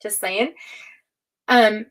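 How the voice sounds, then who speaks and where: A woman giving a casual livestream tarot reading, excitable, swearing freely and laughing often. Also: mid-range voice, extremely slow, a little hiss or hum, poor audio. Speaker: tarot reader.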